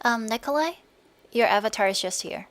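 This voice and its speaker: A woman's voice: fairly high pitch, a little fast, a bit bright. A woman moderating an online roundtable over a video call, laughing often and reading a panelist's introduction.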